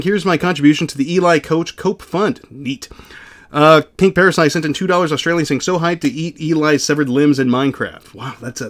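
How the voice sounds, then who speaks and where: A man's voice: fairly high pitch, a bit bright. A young adult man reading out viewer donations on a livestream in a casual, blunt, profane way.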